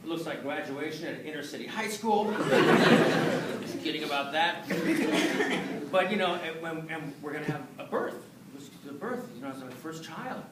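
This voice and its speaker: A man performing a stand-up comedy set, telling a story in an animated way and putting on voices for the punchlines. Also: on the high side, moderate pace, far from the mic, heavy background noise. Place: live venue with audience. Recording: echoey room, mic heard from afar, loud audience laughter. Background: audience laughing.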